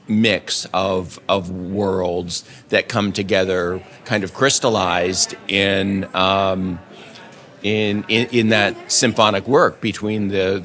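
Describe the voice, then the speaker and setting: A man with a lowish voice speaks slowly and haltingly, often restarting and hunting for the right word. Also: fairly bright tone. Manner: halting, searching for words, many restarts. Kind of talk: interview answer.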